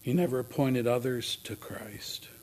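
A man preaching a sermon in a dramatic way, moving from loud emphasis to near whispers. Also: mid-range voice, measured pace, slight background noise.

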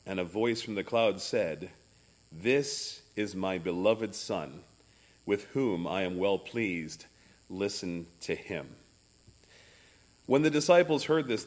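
A male pastor preaching a sermon in a church, reading scripture passages aloud with shifting emphasis. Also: lowish voice.

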